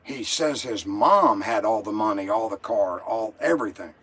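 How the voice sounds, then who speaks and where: A man's voice: fairly low pitch, moderate pace, a bit bright, breathy edge. An older man calling in to a show, telling his story in an agitated, rambling way and swearing often. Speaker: caller. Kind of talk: emotional call-in story.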